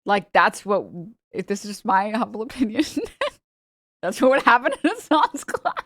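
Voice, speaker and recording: A young woman streamer giving casual, joking reaction commentary, chatty and quick to laugh. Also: fairly high pitch, expressive, fairly bright tone, no echo, clean studio sound.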